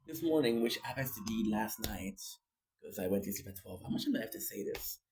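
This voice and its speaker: A man's voice: fairly low pitch, expressive, a little fast, vocal fry, a little mellow, a little hiss or hum. A man, short on sleep, rambling goofily through a daily video diary and joking around. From Canada. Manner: goofy, rambling, breaks into sung bits and jokey voices. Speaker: vlogger.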